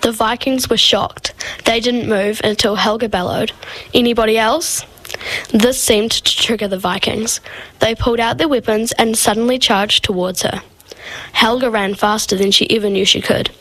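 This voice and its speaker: A woman narrates a story in a somewhat high voice. Her reading is measured and even. She keeps a plain storytelling tone. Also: low-quality recording. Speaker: story reader.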